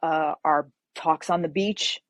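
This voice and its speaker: A woman novelist as an interview guest, telling animated stories and acting out quotes. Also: deep voice, slow, dry recording. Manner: animated storyteller, acts out quotes. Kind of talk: casual interview chat.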